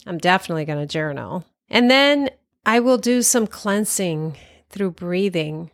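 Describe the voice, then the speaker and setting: A woman's voice: on the low side, animated, measured pace, dry recording. Woman, casual self-care advice, encouraging, light laughs, dry close sound. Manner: warm encouraging, laughs often, addresses listener directly.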